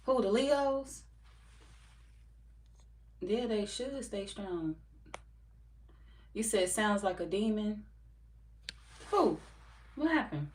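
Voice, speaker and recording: A woman's voice: medium pitch, animated, drawn-out words, pauses often. Laid-back woman reading chat, roomy echo. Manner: laid-back, swears freely, laughs often. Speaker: tarot reader streaming live. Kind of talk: casual live-stream chat reading comments. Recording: roomy echo from far off mic, faint background noise.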